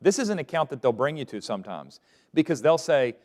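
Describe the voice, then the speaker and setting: A man's voice: fairly high pitch, sing-song, brisk, a little mellow. A man teaching a Bible lesson to a class, asking questions and letting them fill in the answers. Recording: long reverb of a large room.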